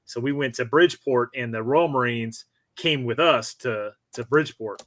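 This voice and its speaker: A man's voice: mid-range voice, moderate pace, fairly bright tone. A middle-aged man hosting a casual interview and telling rambling anecdotes, laughing easily. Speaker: podcast host, former Marine.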